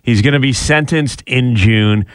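A man's voice: mid-range voice, unhurried, smooth, no echo, clean studio sound. A man hosting a radio show, reading news and leading calls with easy laughing banter. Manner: animated, laughing host patter.

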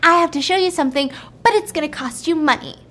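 A woman voicing an excited, pushy little boy who gushes and wheedles for money while retelling a film. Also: high voice, voice pushed up. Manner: gushing, rapid, wheedling for money.

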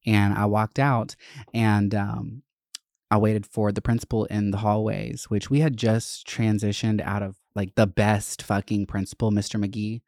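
A man's voice: on the low side, flat delivery, a little slow, darkish tone, no echo, clean studio sound. A man hosting a podcast, telling candid, profane stories from his school days in a chatty way. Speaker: podcast host. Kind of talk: casual storytelling.

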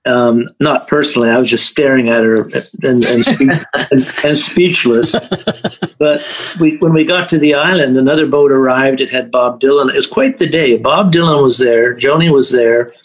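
A male podcast host joins the conversation with his own fond memory. His middle-pitched voice stays plain and casual, and he repeats phrases as he recalls the moment. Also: moderate pace, poor audio. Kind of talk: casual chat.

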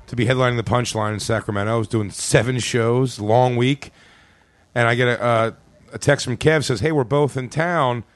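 A man's voice: mid-range voice, dry recording. A man tells a comic anecdote on a podcast, slipping into other people's voices and laughing through it. The mic is close and dry, with no room sound. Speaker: comedian guest. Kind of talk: podcast storytelling.

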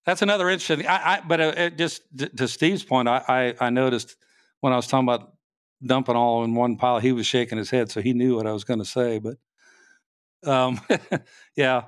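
Man, trooper guest, mid-pitched voice, halting retelling, dry close sound. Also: fairly even intonation, no echo. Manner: halting, restarts sentences often. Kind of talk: casual interview storytelling.

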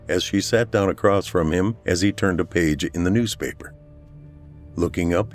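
Brief: male narrator, very deep voice, unhurried scripted storytelling, faint music underneath. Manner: slow, steady storytelling delivery.

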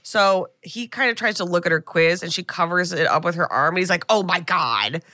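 Animated woman recapping a movie, bright voice. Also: fairly low pitch, brisk, dry recording, studio quality. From United States. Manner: animated retelling, acts out characters' lines, swears casually. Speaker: podcast co-host. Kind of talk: casual movie recap chat.

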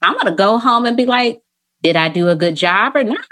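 A woman therapist talking in a podcast conversation, animated and acting out the voices she quotes, with laughs. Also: a little high, fairly quick.

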